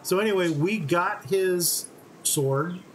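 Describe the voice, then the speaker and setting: A man giving relaxed, step-by-step commentary on a game playthrough. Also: high-pitched, slow, a little hiss or hum, poor audio. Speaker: gaming channel host.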